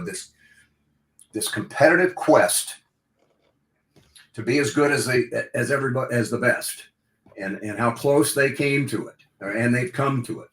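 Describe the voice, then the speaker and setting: An older man, a longtime radio play-by-play broadcaster, reminisces as a guest in a casual podcast interview, rambling and restarting as he goes. His voice is fairly low and a bit bright, heard in an echoey room.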